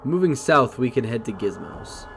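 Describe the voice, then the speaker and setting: Man narrating a game playthrough, steady and explanatory, mid-pitched voice. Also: normal speed, gravelly, soft background music. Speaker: gameplay narrator. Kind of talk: let's play narration.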